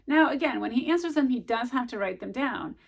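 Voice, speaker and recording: A woman's voice: sits high, animated, brisk, creaky, breathy edge. A middle-aged woman chatting casually to camera as a vlogger, rambling with lots of ums and likes as she gives study tips.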